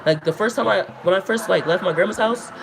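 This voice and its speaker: A woman telling long, rambling, profane stories to her livestream chat, talking in an animated way. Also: mid-range voice, fast talker, vocal fry. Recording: noisy background.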